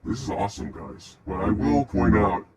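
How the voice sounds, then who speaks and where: A man's voice: lowish voice, sing-song, moderate pace, a loud crowd. A man playing in a tabletop game, crude and exasperated, sometimes sarcastic. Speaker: player. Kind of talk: casual tabletop play.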